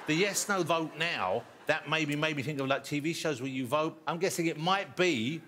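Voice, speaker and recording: A man's voice: a little high, normal speed, fairly bright tone. A man on a TV guessing panel, making dry, teasing remarks.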